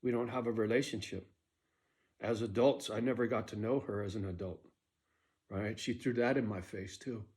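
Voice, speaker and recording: A middle-aged man with a fairly low voice delivers a bitter personal monologue to his viewers. He talks in an aggrieved, ranting way and keeps tagging his points with a quick question. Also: fairly even intonation, a little mellow. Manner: aggrieved rant with frequent "right?" tags. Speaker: vlogger.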